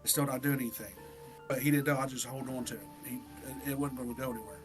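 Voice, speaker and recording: A man co-hosting a podcast, telling a story in an animated, profane, casual way. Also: mid-range voice, quick pace, music in the background. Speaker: podcast co-host.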